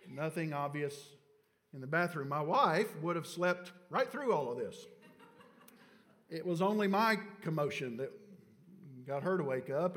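Middle-aged male preacher, tells stories then builds to fervent exhortation; a slightly high voice ringing through a large sanctuary. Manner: storytelling, swings from hushed confession to loud exhortation. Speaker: pastor. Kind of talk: sermon with personal story. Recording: long church reverb.

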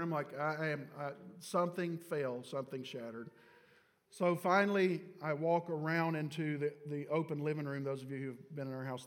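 Pastor preaching in a reverberant hall. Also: male voice, fairly high pitch. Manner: storytelling, swings from hushed confession to loud exhortation. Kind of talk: sermon with personal story. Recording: long church reverb.

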